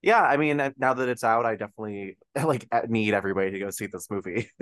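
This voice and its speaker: Laughing, low-voiced male podcast host. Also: quick pace, no echo. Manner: animated, laughs often, rambling with fillers. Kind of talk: casual film review chat.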